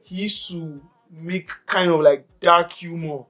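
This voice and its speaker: A young Nigerian man co-hosting a podcast in casual chat, animated, often laughing and mixing in pidgin. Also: on the high side, takes it slowly. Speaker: podcast co-host.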